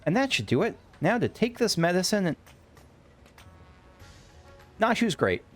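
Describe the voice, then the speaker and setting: Man, casual game commentary, rambling, self-correcting, wry, lively pitch swings. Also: measured pace, faint music behind. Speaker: let's play gamer.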